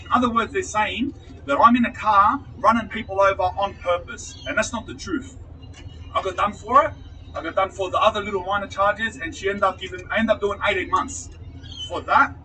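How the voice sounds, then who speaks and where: A man's voice: sits high, pushed and bright, recorded from a distance, slight background noise, low-quality recording. Slangy Australian man telling a story. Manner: rambling, slangy, swearing, laughs at himself. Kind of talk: casual storytelling.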